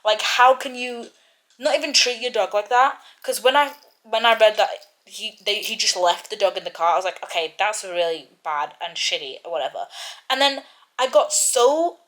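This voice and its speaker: A woman's voice: a little high, normal speed, a bit bright. Young woman, casual book vlogger; talkative, worked-up rant. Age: young adult. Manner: chatty, ranting, lots of "like" and "literally". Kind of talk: casual chat and reading aloud.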